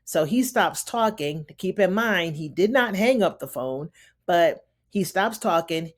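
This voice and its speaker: A woman's voice: on the low side, animated, measured pace. A woman casually recapping a TV drama episode, acting out the characters' lines in shifting voices and chatting to her listeners. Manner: chatty, addresses listener as honey. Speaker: TV recap reviewer. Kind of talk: casual recap with acted-out quotes.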